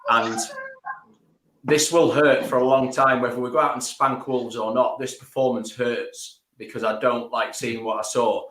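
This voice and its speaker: A passionate man ranting bluntly on a fan podcast, swearing freely. His voice sits at a middle pitch. It carries a roomy echo. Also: little pitch movement, moderate pace, fairly bright tone. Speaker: co-host of a fan channel. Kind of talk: post-match fan podcast.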